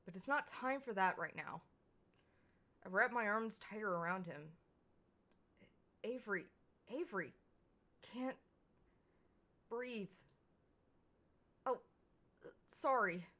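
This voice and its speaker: A woman's voice: mid-range voice, lively intonation, slow pace, pauses often, pushed and bright. A woman streamer reading a visual novel aloud in a casual way, often stumbling over words and correcting herself.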